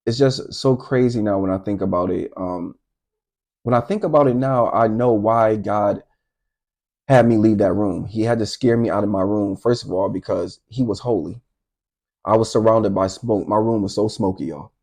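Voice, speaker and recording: A middle-aged man telling a personal faith testimony in a casual, animated way, talking straight to his viewers. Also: on the low side, moderate pace. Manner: animated, addresses viewers directly. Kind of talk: casual storytelling to camera.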